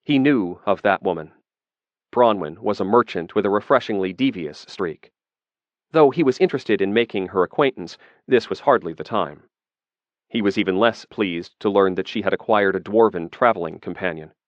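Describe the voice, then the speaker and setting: A man narrating a fantasy audiobook in a measured, steady reading. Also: fairly low pitch, no room sound, muffled recording.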